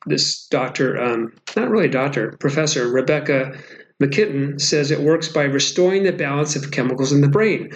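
A man's voice: medium pitch, expressive, normal speed. A man co-hosting a podcast in casual, joking chat, often rambling and stumbling over his words. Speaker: podcast co-host. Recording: echoey room with faint noise.

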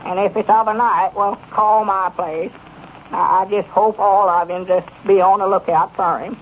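Abner, a fretful Arkansas storekeeper. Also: male voice, sits high, fairly even intonation. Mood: on the phone. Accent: rural Arkansas. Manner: halting, fretful rustic drawl. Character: worried, simple-hearted country storekeeper, male. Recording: muffled 1930s radio broadcast with faint hiss.

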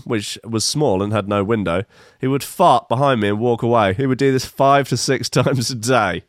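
A man in his fifties with a lowish voice reads odd news stories in a clean studio with no echo. He tacks on wry, rambling comic asides, full of fillers, in a casual commentary style.

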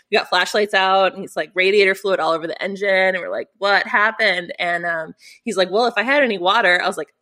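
Middle-aged woman, lowish voice, chatty storytelling, lots of "like", acts out the quotes. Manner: animated, acts out quotes, many fillers. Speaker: rally competitor. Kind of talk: storytelling in an interview.

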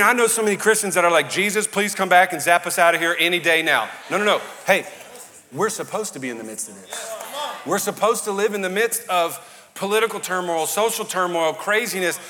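A man preaching a sermon to a congregation with a New Orleans Cajun accent, talking casually and joking with the crowd. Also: sits high. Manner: conversational, joking, building to shouting. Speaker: pastor. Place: church auditorium. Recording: long hall reverb.

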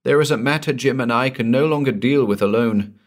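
A man's voice: mid-range voice, brisk, pitched above the performer's own voice, lightly acted. A man voicing a frightened young wife. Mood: anxious. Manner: strained, anxious pleading. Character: young frightened married woman.

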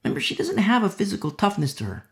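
A preacher giving an impassioned sermon, repeating phrases for emphasis and dropping to hushed whispers between louder passages. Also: medium pitch, very animated, fast, creaky. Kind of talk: expository sermon.

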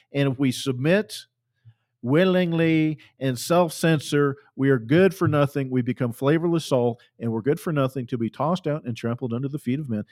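A man preaching a fiery sermon, fervent and emphatic, repeating phrases for force. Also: fairly high pitch.

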